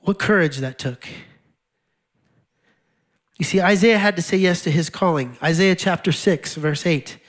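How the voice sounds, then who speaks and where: A man's voice: high-pitched, unhurried, pauses often. A male pastor preaching a sermon in a conversational way, with wry laughs and repeated key lines.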